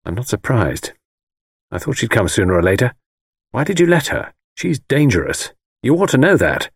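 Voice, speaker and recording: A man's voice: mid-range voice, sing-song, moderate pace, breathy edge, no echo. An intense, brooding architect, read by a man with an urgent, insistent edge and a voice that rises and falls a great deal. The delivery stays cryptic and pressing, set down in a dry, close recording.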